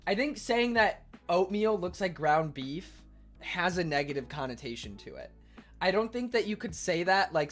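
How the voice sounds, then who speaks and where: A man with a fairly high voice streams live in casual chat, reading viewers' messages aloud and answering them as he eats. He's quick to argue and gets defensive.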